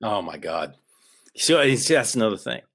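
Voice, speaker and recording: A man's voice: on the low side, very animated, normal speed, a bit bright, husky. Worked-up man ranting on a podcast. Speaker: podcast co-host. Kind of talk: political podcast rant. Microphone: podcast studio mic.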